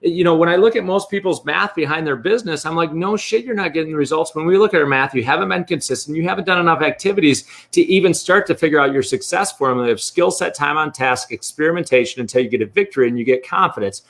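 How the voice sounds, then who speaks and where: A man with a fairly high voice, speaking bluntly and swearing freely. He talks as a coach giving straight answers in a candid interview. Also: quick pace, few pauses, fairly bright tone. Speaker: real estate coach, guest.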